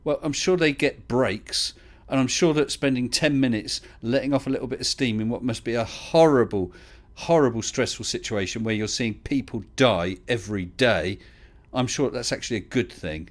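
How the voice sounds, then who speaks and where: A man's voice: medium pitch, normal speed. A man from the UK hosting a casual live online chat, chatty and teasing, laughing often. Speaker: livestream host.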